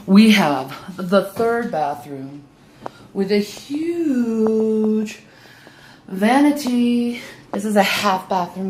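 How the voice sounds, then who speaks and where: A woman shows off her home on a handheld phone camera, a little out of breath, in a slow, unhurried voice. She sounds flamboyant and defiant, leaning on words like "darling." A soft room noise runs under her voice. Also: medium pitch. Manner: showy, defiant, calls viewers darling. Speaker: vlogger giving a home tour. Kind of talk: walking home-tour vlog. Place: indoor apartment, moving between rooms.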